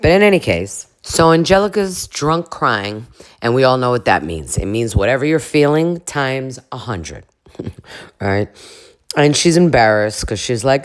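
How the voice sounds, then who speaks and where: A woman's voice: extremely low pitch, very animated, unhurried. A woman giving comedic reaction commentary on a reality show, chatty, with crude jokes and frequent laughs. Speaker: commentary vlogger.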